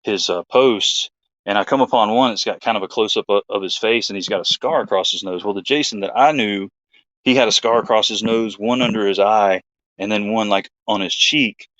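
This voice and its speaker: A man's voice: on the low side, brisk, a bit bright, no room sound, lo-fi sound. A man, hosting his own show, telling a story in a rambling, laid-back chat full of fillers. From Georgia, USA. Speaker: host.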